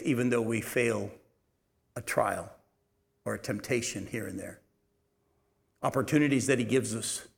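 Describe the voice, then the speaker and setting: A man teaching a Bible study in an animated, emphatic way. He asks the audience questions and answers them himself. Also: mid-range voice, creaky. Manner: animated, emphatic preaching with sudden loud rises and quiet drops.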